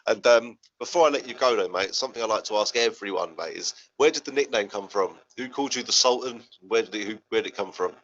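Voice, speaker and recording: Fast-talking man, mate-heavy chat. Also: on the low side, a bit bright, dull audio. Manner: chatty, says "mate" and "man" constantly. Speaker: podcast host. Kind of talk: casual chat. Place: home balcony outdoors.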